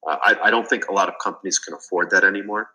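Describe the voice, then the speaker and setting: Male podcast guest, low pitch, bright and forceful delivery, talks earnestly. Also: rapid-fire, low-quality recording. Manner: earnest storytelling with fillers and restarts. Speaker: guest, business consultant. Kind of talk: casual interview.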